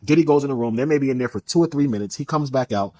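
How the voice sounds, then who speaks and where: A man telling a personal story in a casual, animated way, acting out the dialogue as he goes. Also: mid-range voice. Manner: fast, animated retelling with quoted dialogue.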